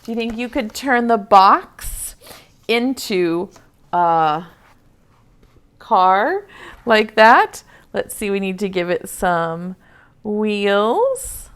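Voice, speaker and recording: A woman teaching preschool over a video call, reading a picture book aloud in a gentle, playful way and asking the children questions. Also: medium pitch, animated, takes it slowly, smooth.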